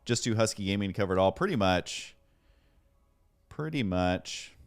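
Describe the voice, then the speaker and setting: A man streaming a game and chatting casually with viewers, excitable and self-deprecating as he thanks them by name. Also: fairly low pitch, moderate pace, clear, resonant tone. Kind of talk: casual livestream chat.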